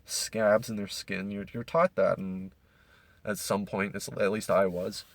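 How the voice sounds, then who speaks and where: A man's voice: on the low side, flat delivery, unhurried, dry recording. A young man from Canada ranting casually as a podcast host, profane and rambling with many restarts.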